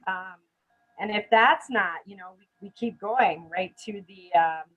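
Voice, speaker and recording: A woman's voice: medium pitch, unhurried, a bit bright, highs cut off, faint music behind. A middle-aged woman teaching dementia care in a live online session, earnest and chatty, checking in with "right?" often. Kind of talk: live-streamed training chat.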